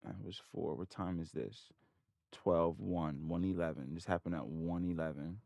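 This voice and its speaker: A man's voice: deep voice, normal speed, gravelly, darkish tone, no echo. A man hosting a trading channel, thinking aloud over his charts and muttering in frustration at his computer. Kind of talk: casual screen-share commentary.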